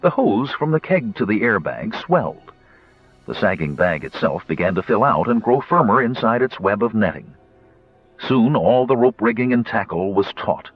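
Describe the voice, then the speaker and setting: A man with a low, husky voice narrates an audiobook, his tone rising and falling dramatically from line to line. The sound is dry and slightly muffled, with faint music underneath. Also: normal speed. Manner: expressive storytelling.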